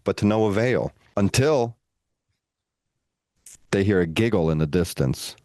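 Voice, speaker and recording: Man, podcast co-host, casual storytelling, low voice, dry close sound. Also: a little slow, no echo. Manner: animated, relaxed storyteller with playful asides.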